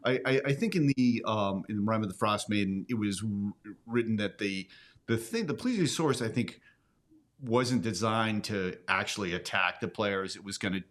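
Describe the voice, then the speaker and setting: Low-voiced man musing as host. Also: moderate pace. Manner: reflective, musing. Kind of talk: casual commentary.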